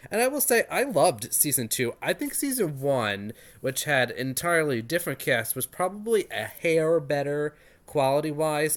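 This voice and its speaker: A man in his thirties hosting a review channel, talking in a chatty, enthusiastic, self-deprecating way. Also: mid-range voice. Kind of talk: casual spoken review.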